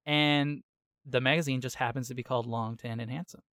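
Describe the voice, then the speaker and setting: Man, podcast host, smooth clear voice, dry close sound, lively slangy retelling. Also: medium pitch, a little fast, dry recording. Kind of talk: casual chat, episode recap.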